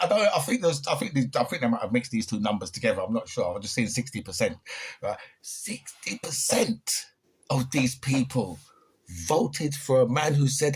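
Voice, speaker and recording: A man's voice: mid-range voice, very animated, normal speed, husky. Impassioned British man ranting. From United Kingdom. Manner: impassioned, ranting, keeps asking "right?". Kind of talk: opinion monologue.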